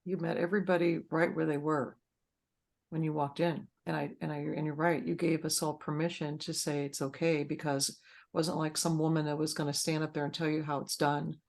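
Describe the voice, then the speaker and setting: A woman's voice: low-pitched, little pitch movement, a little fast, creaky, darkish tone. A woman hosting a support group session, chatting casually, rambling with frequent fillers and restarts.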